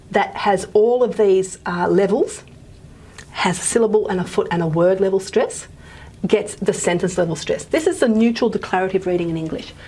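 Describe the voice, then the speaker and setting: A woman's voice: medium pitch, darkish tone, slight background noise. Chatty woman lecturing on phonetics. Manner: chatty, checks in with "okay?".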